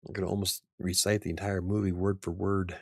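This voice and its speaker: A man's voice: low voice, little pitch movement, fairly quick, vocal fry, darkish tone, no echo, clean studio sound. A man in his forties hosting a casual live stream, rambling and chuckling often. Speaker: channel host.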